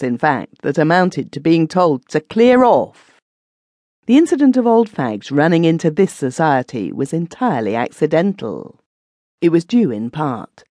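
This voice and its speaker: A woman narrating a classic short story as an audiobook reader, in an expressive storytelling manner. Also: sits low, dry recording. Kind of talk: scripted narration.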